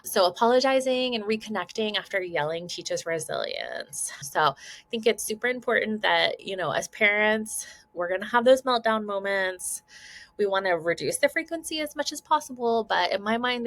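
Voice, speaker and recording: A woman's voice: medium pitch, sing-song, normal speed, a bit bright. A woman parenting coach giving casual advice to camera, chatty and laughing often, checking in with listeners as she goes.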